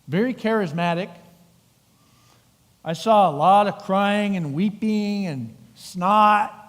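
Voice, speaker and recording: A middle-aged male pastor delivers a lively sermon, acting out the characters in the story as he goes. His voice sits high for a man. The sanctuary adds a long, ringing reverb. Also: slow. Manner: animated storytelling with acted-out voices. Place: church sanctuary.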